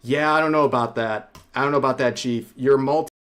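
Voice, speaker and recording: A man reading a scripted commentary voice-over about online drama in a measured, wry manner. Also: medium pitch, steady tone, a bit bright. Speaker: youtube commentator.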